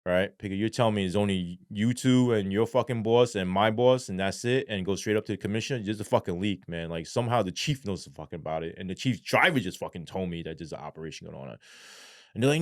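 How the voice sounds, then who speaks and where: Low-voiced man, blunt and profane storyteller, dry close mic. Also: fast, no room sound. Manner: blunt, heavy swearing, frequent "right?" asides. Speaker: podcast guest, former police sergeant. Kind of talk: casual interview storytelling.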